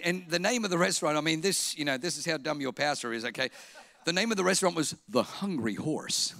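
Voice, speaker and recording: High, bright-voiced animated male preacher. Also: fast talker, no echo. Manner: animated humorous storytelling, bursts into shouting. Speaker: pastor. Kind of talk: sermon.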